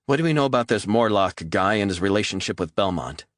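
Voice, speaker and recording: A man's voice: lowish voice, lively intonation, fast talker, no room sound, studio quality, pitched above the performer's own voice, close to an everyday voice. A man voicing a blunt, impatient female FBI agent in an audiobook thriller. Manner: blunt, demanding. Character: tough FBI woman, impatient.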